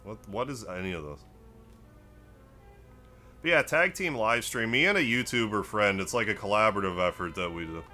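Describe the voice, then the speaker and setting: A man's voice: lowish voice, normal speed, pauses often, faint music behind. A man streaming a game, chatting casually, greeting viewers and musing aloud as he plays. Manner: relaxed, rambling, greets chat, muses aloud. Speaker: gaming live streamer. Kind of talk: casual gameplay stream chat.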